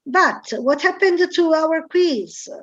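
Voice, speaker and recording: A woman's voice: very high voice, slow pace, a bit bright, dull audio. A woman teaching an online English class, hesitant and full of fillers as she quizzes students. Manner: hesitant, many fillers, searching aloud.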